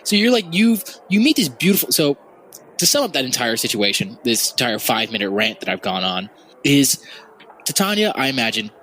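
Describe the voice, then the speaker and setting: A male podcast co-host who talks in an animated, storytelling way. His pitch sits in the middle but swings widely as he builds long scenarios. Faint noise hums behind him. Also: fairly quick, low-quality recording. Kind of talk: casual podcast chat.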